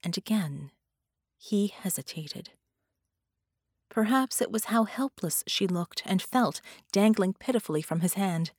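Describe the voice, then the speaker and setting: A woman narrating a dramatic superhero audiobook in a measured, storytelling manner. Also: mid-range voice, expressive, breathy edge, dry recording, clean studio sound.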